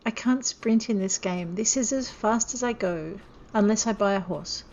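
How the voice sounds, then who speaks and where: A woman with a mid-pitched voice gives relaxed let's-play commentary, chatty and self-deprecating as she talks straight to her viewers. The recording sounds somewhat dull and lo-fi, like a basic home mic. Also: moderate pace. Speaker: gameplay narrator.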